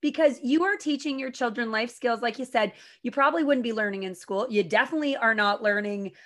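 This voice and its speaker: A woman's voice: on the high side, a little fast. A woman hosting a podcast interview, chatty and encouraging. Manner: warm, effusive, encouraging. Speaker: podcast host. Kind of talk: casual interview chat.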